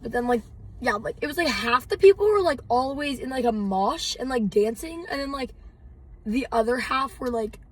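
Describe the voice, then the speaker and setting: A teenage girl co-hosting a casual podcast, rambling and filling every pause with "like.". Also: high voice, lively intonation, breathy edge. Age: teens. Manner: rambling, heavy use of "like". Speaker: podcast co-host. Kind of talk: casual chat. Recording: distant mic with faint background noise.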